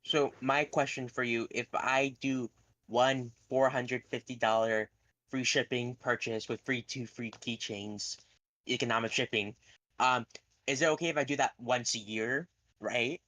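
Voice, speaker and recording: Bright-voiced young man joking around. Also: mid-range voice, steady tone, measured pace, no room sound. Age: young adult. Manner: joking, loose, trails off with fillers. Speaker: guest on call. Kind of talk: casual chat.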